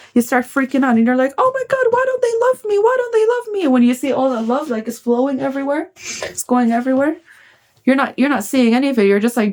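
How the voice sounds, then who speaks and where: A woman's voice: fairly high pitch, darkish tone. A woman giving blunt, casual self-help advice to her viewers, swearing freely and checking in often with "okay?". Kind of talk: casual motivational talk.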